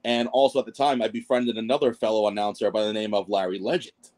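His voice is on the low side, dark-toned and flat, and he talks fast. The man is a podcast guest in a casual interview, rambling self-deprecatingly through his wrestling ring announcer tale with plenty of fillers and restarts.

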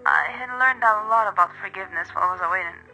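A remorseful middle-aged mother, tearful and pleading, from a spoken horror story, as a man puts her on. The voice is very bright and edged with gravel. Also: high voice, fast talker, faint music behind, exaggerated voice, poor audio. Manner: pleading, distraught. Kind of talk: storytelling narration.

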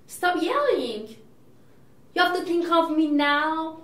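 A woman's voice: very high voice, expressive, slow pace, fairly bright tone, heavily acted. A woman playing a chatty, neurotic divorced older sister who rambles and frets in an audition monologue. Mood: fretful. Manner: rambling, self-absorbed and fretful. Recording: echoey room, mic from a distance.

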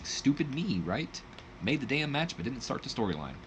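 A man's voice: mid-range voice, sing-song, normal speed, a little hiss or hum. A man narrating a wrestling sim in a rambling, self-correcting way, laughing at his own slips. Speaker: game commentator. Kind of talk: let's play narration.

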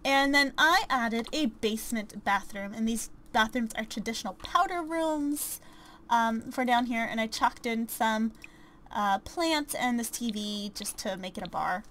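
Chatty higher-voiced woman narrating gameplay. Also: measured pace, a bit bright, a little hiss or hum. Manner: chatty and self-deprecating, with many fillers and giggles. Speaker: gameplay commentator. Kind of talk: casual let's-play commentary.

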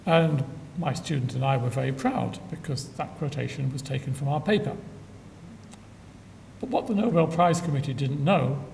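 An older man giving a public science lecture with dry humor and frequent filler pauses, recorded in a lecture hall from a distance. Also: vocal fry, darkish tone. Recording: echoey hall from far off, faint rumble.

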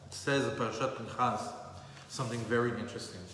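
A man's voice: medium pitch, fairly even intonation, quick pace, fairly bright tone. Man teaching a Torah class in an echoey hall. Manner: repeats phrases for emphasis, mixes in Hebrew terms. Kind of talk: storytelling Torah lesson. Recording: echoey hall with faint background noise.

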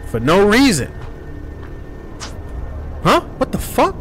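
Loud, animated man cursing through gameplay. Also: fairly high pitch, a little slow, long pauses, a little hiss or hum. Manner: loud, profane, trash-talking reactions. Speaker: gaming streamer. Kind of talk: horror game commentary.

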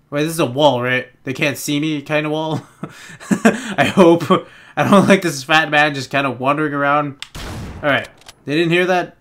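A young man giving excitable, rambling let's play commentary, swearing constantly and getting jittery as he plays. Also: on the high side. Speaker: gaming YouTuber.

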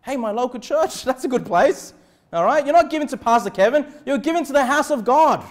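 A man's voice: very high-pitched, expressive, brisk. A male pastor preaching a sermon in church, emphatic, with repeated phrases and rhetorical questions. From Australia.

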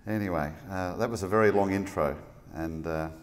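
A middle-aged Australian man speaks from a stage in a large hall, relaxed and joking as he lectures. His voice sits a little low, and it rings with a long, roomy reverb. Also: a little hiss or hum. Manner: laid-back, joking, quick-talking. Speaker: guest speaker. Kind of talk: public lecture.

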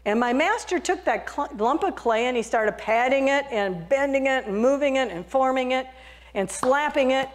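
Woman putting on a shrill, pleading little teacup. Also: lively intonation, moderate pace. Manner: high, pleading, indignant outcries. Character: little whiny clay teacup, fearful and complaining. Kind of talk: sermon storytelling.

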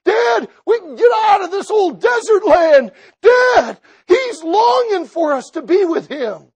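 A male preacher voicing a big, excitable grown son who shouts and sobs with eager news. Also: extremely high pitch, unhurried, gravelly, breathy edge, dry recording, voice pushed up, full character voice. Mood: pleading.

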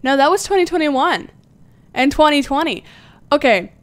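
A bubbly young woman livestreaming a game, with a fairly high, light voice. She giggles often and chats away casually, answering viewers as she plays. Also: animated. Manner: giggly, bubbly, chatty, reads chat aloud; usually talks fast. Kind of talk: casual livestream chat while gaming.

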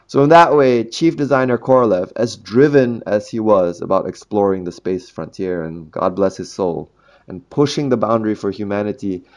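A man's voice: fairly low pitch, a little mellow, muffled recording. A man hosting a history podcast in a casual monologue, jokey and chatty, laughing at his own puns. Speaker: podcast host.

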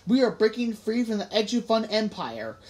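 A woman's voice: on the high side, sing-song, moderate pace, a little mellow. A woman voicing an earnest, odd schoolboy who speaks solemnly, in an audiobook reading.

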